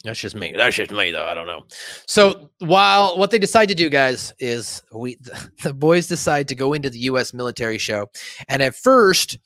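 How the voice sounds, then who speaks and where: A man's voice: mid-range voice, normal speed, no echo. A man hosting a casual podcast, retelling a film with profanity and acted-out character lines. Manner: animated, profane, acts out characters while laughing. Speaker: podcast host.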